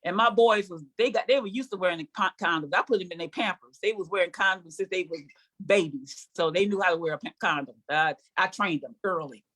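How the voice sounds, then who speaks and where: A woman's voice: lowish voice, brisk, a bit bright. An older woman performing a sassy, conversational stand-up comedy set on stage before a live audience, teasing the crowd.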